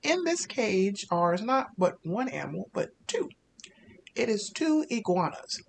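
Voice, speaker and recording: A man narrating a tabletop game as game master, casual and halting with many fillers. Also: high voice, sing-song, creaky, slight background noise.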